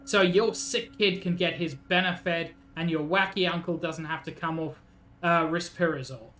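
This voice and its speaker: Man doing a smug scheming union boss, slow persuasive put-on accent, lower than his own voice. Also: fairly even intonation, fairly bright tone, soft background music, lightly acted. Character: scheming jovial middle-aged male union boss.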